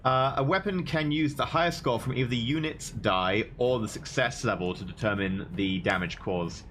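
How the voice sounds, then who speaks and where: A man's voice: mid-range voice, moderate pace, fairly bright tone, slight background noise. A man playing a tabletop role-playing game, patiently explaining rules and reading them out in casual chat. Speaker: player.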